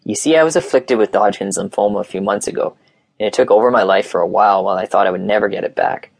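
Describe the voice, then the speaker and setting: A man's voice: on the low side, quick pace, creaky, dry recording. A man voicing a sincere young man who survived cancer, speaking in an earnest, heartfelt way.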